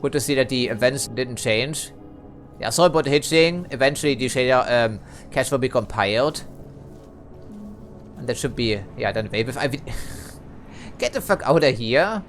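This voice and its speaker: A man's voice: mid-range voice, moderate pace, pauses often, a bit bright, soft background music. A man giving casual let's play commentary, chatty, hedging and dryly critical as he plays.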